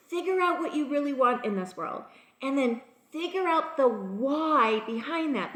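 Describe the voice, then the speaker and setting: A woman with a high, bright voice delivers an emphatic motivational faith talk. She repeats her key points and talks straight to her listeners. The sound rings a little, as in an echoey room. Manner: emphatic, repeats key phrases, addresses listeners as "you guys" and "people". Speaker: spiritual teacher.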